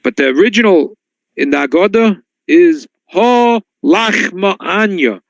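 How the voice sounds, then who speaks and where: Rabbi giving a lively Torah talk. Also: male voice, unhurried, creaky, dry recording, poor audio. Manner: storytelling, swings to high excited tones when quoting. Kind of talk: Torah class sermon. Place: synagogue.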